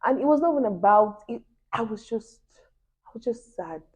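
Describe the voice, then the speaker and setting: A woman's voice: fairly high pitch, lively intonation, normal speed, darkish tone, slightly rough. A young woman, chatting animatedly to her viewers and telling a personal story with laughing asides. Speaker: vlogger. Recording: dull lo-fi recording.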